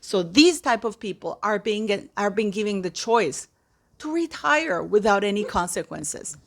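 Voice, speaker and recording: A woman's voice: mid-range voice, animated, unhurried. A woman giving impassioned, indignant commentary to her viewers, often repeating phrases for emphasis. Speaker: commentary vlogger.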